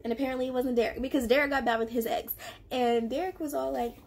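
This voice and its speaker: A woman's voice: high voice, quick pace. A young woman casually telling a story from her own past, acting out the lines of the people in it. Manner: animated and confrontational, acting out quoted lines. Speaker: storyteller vlogger.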